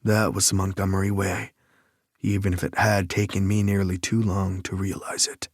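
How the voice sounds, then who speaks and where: A man narrating a romance audiobook in first person, measured and even. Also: deep voice, slightly rough, no room sound, studio quality.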